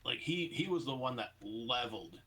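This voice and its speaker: A man co-hosting a podcast in casual chat, rambling with halting restarts and loose swearing. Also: mid-range voice, animated, pushed and bright, breathy edge. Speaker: podcast co-host.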